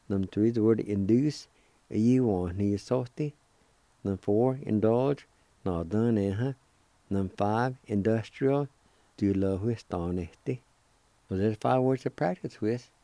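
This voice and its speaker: A radio host with a fairly low, mellow voice teaches vocabulary in a slow, patient lesson, recorded dry. He spells words letter by letter, repeats their pronunciation, and encourages listeners politely.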